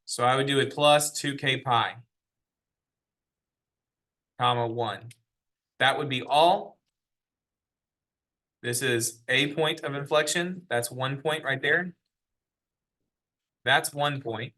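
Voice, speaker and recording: Bright-voiced man teaching math. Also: mid-range voice, takes it slowly, pauses often. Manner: explaining step by step, asking the class questions. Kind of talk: classroom lecture. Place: classroom.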